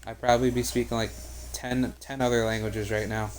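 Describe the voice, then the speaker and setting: A man's voice: mid-range voice, level tone, a little fast. A young man streaming a basketball video game, talking casually with many fillers and swearing. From United States. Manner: rambling, profane, heavy on "like" and "you know". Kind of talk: live gameplay commentary and casual chat.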